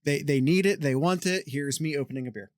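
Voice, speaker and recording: A man's voice: a little high, brisk, a little hiss or hum. A man co-hosting a casual podcast, joking and teasing his partner, talking over him at times, on a desk microphone at home. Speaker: podcast co-host. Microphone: desk microphone with noise gate.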